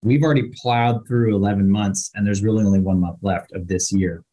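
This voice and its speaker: A man's voice: on the low side, fairly even intonation, a little fast, warm tone. An older man speaking as a panel guest, giving folksy, practical advice in a casual discussion. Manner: folksy, uses plain metaphors.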